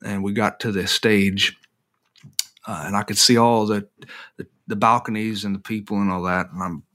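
A man with a lowish voice tells a personal story as an interview guest. His tone is bright and forceful. He is animated and self-deprecating, and he often stops and restarts his sentences. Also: normal speed. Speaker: author guest.

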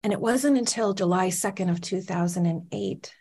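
A woman's voice: fairly low pitch, normal speed, dark tone. A woman in her forties, a motivational speaker, telling a personal story on stage with dramatic pacing and questions to the audience.

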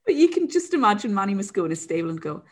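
A woman's voice: medium pitch, big pitch swings, racing. A woman chatting casually, telling stories with laughter, acting out voices and swearing. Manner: laughing storyteller, acts out quoted voices, swears. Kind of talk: casual chat.

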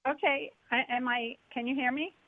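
A woman calling in to a radio show, telling a dream slowly and haltingly. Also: sits high, steady tone, no room sound. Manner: slow, halting storytelling. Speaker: caller. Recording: tinny phone line.

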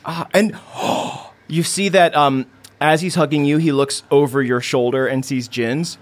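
A man running a tabletop game as game master, narrating in a relaxed way with many fillers. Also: on the high side, a little slow.

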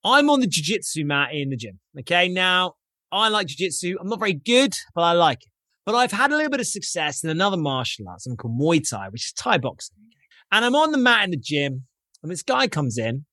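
A man's voice: high-pitched, sing-song, a little fast, pushed and bright, dry recording, studio quality. A man in his thirties with an English accent, telling his founder story in a self-mocking, punchy way. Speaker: startup founder, guest. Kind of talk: casual storytelling interview.

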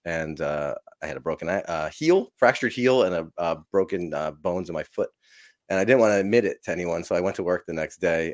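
A man's voice: sits low, no echo, studio quality. A man from New Jersey, a podcast guest, telling a long profane story in a rambling, self-interrupting way. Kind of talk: casual storytelling.

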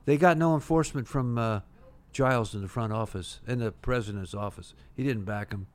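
An older man, a retired pitcher, telling long anecdotes in a casual interview, with many restarts and "uh" fillers. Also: a little fast.

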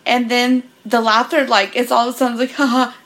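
A woman's voice: on the high side, fairly quick. A woman guest casually telling a story on a podcast, laughing often and quoting what people said. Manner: laughing, animated retelling with many quoted lines.

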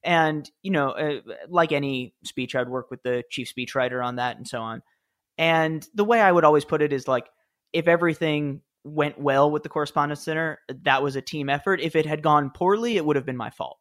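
Chatty, higher-voiced man telling stories. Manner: animated anecdote-telling, quick and self-deprecating with restarts. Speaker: author and former speechwriter, guest. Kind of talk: conversational interview storytelling.

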